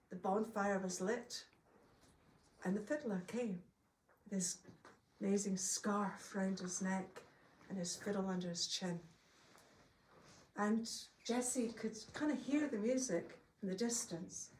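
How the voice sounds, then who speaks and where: A woman telling a folk tale to a live audience, lively and laughing often as she acts out the voices. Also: medium pitch, slight background noise. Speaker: storyteller. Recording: roomy, from a distance, faint ambience.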